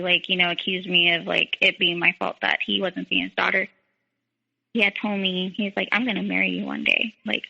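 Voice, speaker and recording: Bright, gravelly young woman, lo-fi. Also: mid-range voice, long reverb tail. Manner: frequent "like", quotes others in dialogue. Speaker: guest. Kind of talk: telling her story in a podcast interview. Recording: dull lo-fi sound.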